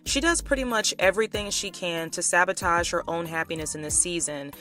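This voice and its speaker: A woman's voice: on the low side, a little fast, pushed and bright, soft background music. A woman vlogger giving a casual, sarcastic commentary recap of a TV couple. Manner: chatty and sarcastic.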